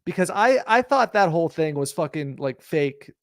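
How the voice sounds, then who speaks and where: Insistent man hosting sports talk, higher voice. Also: animated, moderate pace, no room sound, clean studio sound. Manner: insistent, argues by building analogies. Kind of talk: casual sports talk debate.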